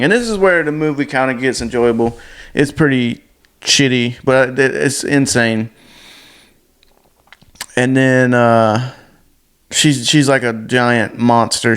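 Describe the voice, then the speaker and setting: A man retelling a movie in a casual, unpolished ramble. He is blunt and crude, and he stops often for fillers and restarts. His voice sits at an ordinary middle pitch. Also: fairly bright tone, clear, resonant tone.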